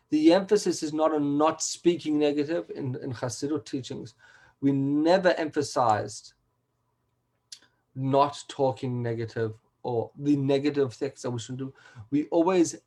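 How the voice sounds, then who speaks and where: A man's voice: fairly high pitch, darkish tone, low-quality recording. A man, a rabbi, giving a weekly Torah class over a video call, earnest and emphatic and sprinkling in Hebrew terms.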